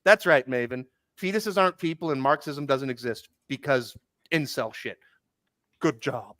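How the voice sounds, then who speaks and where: A podcast co-host, a man, ranting in casual chat, animated and profane. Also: mid-range voice, normal speed, no echo, clean studio sound.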